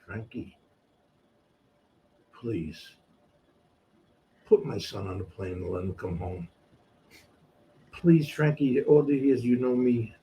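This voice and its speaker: An older man voicing an aging mob boss who pleads quietly and meekly on the phone. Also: medium pitch, steady tone, slow, long pauses, highs cut off, slight background noise. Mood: pleading.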